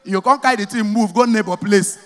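A man with a Nigerian Pidgin accent doing stand-up comedy, telling stories with animated, shouted cries. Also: sits high, fairly quick, long reverb tail.

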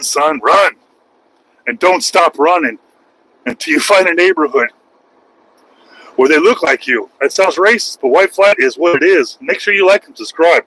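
A man in his forties, raised in Los Angeles, delivers a casual vlog monologue in a voice pitched higher than most men's. He talks with heated emphasis, circling back to repeat his key lines. The tone stays unscripted and conversational throughout. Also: fairly bright tone, poor audio. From Los Angeles, USA. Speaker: truck driver and channel host.

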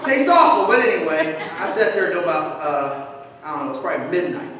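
A man preaching a sermon as pastor, animated and humorous, swinging between shouts and quiet asides. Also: fairly high pitch, brisk. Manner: humorous storytelling. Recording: echoey hall from far off, faint noise.

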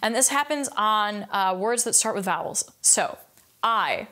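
A woman's voice: medium pitch, expressive, normal speed, bright, forceful tone. A young adult woman giving a singing lesson as a vocal coach, explaining a point and then singing it to show how it sounds. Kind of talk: singing lesson with sung demonstrations.

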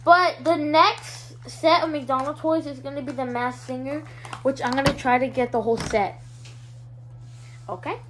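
A woman's voice: high-pitched, fairly even intonation, moderate pace, background noise. A female vlogger showing her toy collection in a hyper, giggly, rambling way. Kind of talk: casual show-and-tell vlog.

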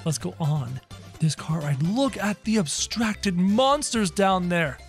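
A man giving excited, energetic commentary over his game, talking straight to his viewers. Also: high voice, takes it slowly, soft background music. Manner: energetic, talks to viewers as "guys". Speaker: gaming video creator.

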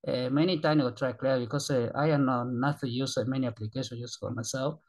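An excitable man from Argentina rambles through a casual reaction commentary in broken English. His voice sits at an everyday middle pitch, and his talk is peppered with swearing. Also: fast talker. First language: Spanish. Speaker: YouTube reaction channel host.

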